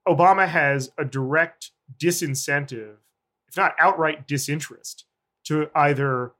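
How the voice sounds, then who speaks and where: A man, a journalist guest, giving long, deliberate analytic answers in an interview. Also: mid-range voice, fairly bright tone.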